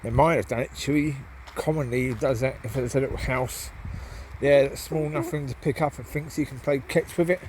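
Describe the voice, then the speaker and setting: A man's voice: medium pitch, fairly even intonation, fairly quick, a little mellow, a little hiss or hum. Nasal man rambling on a woodland walk. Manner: rambling, many ums, calls out to dogs. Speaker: vlogger walking his dogs. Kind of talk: casual walk-and-talk monologue. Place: outdoors in woods.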